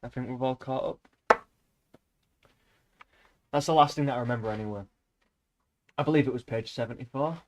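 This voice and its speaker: A man's voice: medium pitch, moderate pace, pauses often. A man streaming a casual read-aloud of a novel, breaking off into rambling, joking asides between passages.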